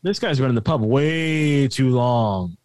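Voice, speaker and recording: A man's voice: mid-range voice, animated, a little slow, a little mellow, no echo. A man in casual movie chat who talks bluntly and swears freely.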